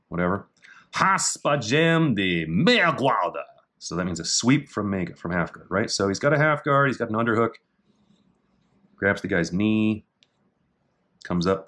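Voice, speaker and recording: A middle-aged man casually talking through techniques in a martial arts book, with dry offhand asides and slow, halting reading of foreign terms. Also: fairly low pitch, a bit bright. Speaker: jiu-jitsu instructor reviewing a technique book. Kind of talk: casual commentary.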